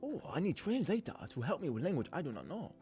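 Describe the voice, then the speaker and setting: A halting, broken-English voice, as a man puts it on for fun, choppy and stilted, sitting a bit high for a man. Faint music plays softly underneath. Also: very animated. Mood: playful.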